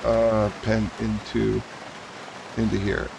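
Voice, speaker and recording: A man's voice: lowish voice, monotone, slow pace, creaky, noisy background. A man streaming a survival game, thinking aloud in casual commentary as he sorts gear, with frequent ums and uhs. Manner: thinks aloud, mumbling fillers while sorting items.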